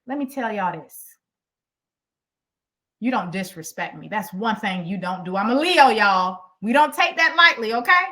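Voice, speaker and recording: A middle-aged woman coaching a workshop crowd, speaking with animated emphasis. Her voice sits at an ordinary pitch for a woman, and she talks straight to the audience as she tells her story. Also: moderate pace. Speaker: executive coach.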